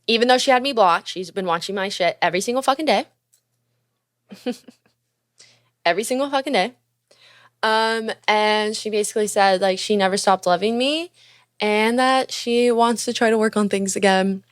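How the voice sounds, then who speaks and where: A young woman hosting a podcast, telling a candid, profane story about a relationship at a fast clip, laughing often. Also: medium pitch. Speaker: podcast host.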